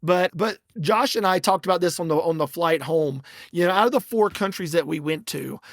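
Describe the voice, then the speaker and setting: A middle-aged man hosting a podcast, telling a story in a casual, animated and exasperated way, with lots of restarts. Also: a little high, moderate pace, creaky, no room sound, studio quality. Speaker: podcast host.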